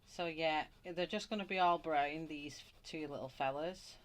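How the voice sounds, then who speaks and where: A woman's voice: low-pitched, moderate pace. A woman with a Wigan accent, chatting casually to live viewers while she colours, greeting them by name and rambling along. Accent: Wigan, Lancashire. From England. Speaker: colouring channel host.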